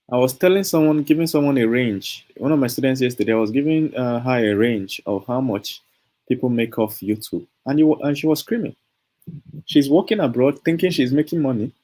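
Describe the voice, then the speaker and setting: A man's voice: mid-range voice, a little mellow. A Nigerian man with a Nigerian English accent giving a casual motivational talk to camera as a YouTuber, emphatic and persuasive, repeating points and chuckling often. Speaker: YouTuber selling online courses.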